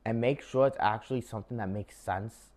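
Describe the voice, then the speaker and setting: Chatty young man, lowish voice. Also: brisk, a little mellow. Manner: chatty, lots of "like" and "um" fillers, addresses viewers as guys. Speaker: vlogger giving job interview tips. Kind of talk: casual advice talk to camera.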